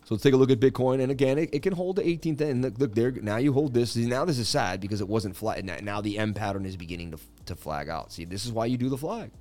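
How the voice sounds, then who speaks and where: A chatty, joking man running a live market-analysis stream. He riffs casually between chart talk and viewer questions, and his pitch sits at a plain middle. Faint music plays behind him. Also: lively intonation, fast, few pauses, mellow. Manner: joking, chatty, reads viewer comments aloud. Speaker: crypto livestream host. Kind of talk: casual livestream market commentary.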